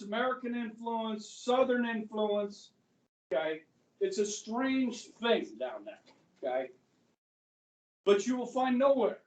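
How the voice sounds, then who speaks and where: A male history teacher lecturing a class in a casual way. He often checks in with the students by saying "okay". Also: high-pitched. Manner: talks to students, says okay a lot. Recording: echoey classroom from a far mic.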